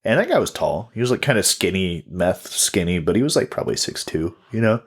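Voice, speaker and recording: A man's voice: sits low, big pitch swings, fairly quick, slightly rough. A man in his twenties, a comedian and podcast co-host, telling a story in casual chat, swearing freely and acting out quotes. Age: 20s.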